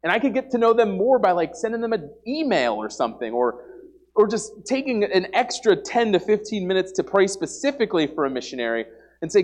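Young man, lay preacher, high voice, lively pitch, earnest, emphatic, repeats himself, casual church sermon. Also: brisk. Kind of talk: informal sermon. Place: church service before a congregation.

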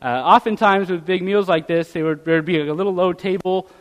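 Male preacher, high voice, casual sermon delivery with tag questions and scripture reading; long reverb of a hall. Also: a little fast. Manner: reads scripture aloud in old-fashioned wording.

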